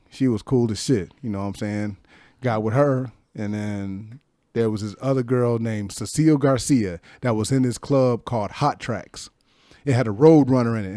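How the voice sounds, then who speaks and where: Male podcast guest in his fifties, animated, salty storyteller, middle-pitched voice, dry studio mic. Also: no echo. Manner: slangy, profane, animated storyteller. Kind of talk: casual storytelling.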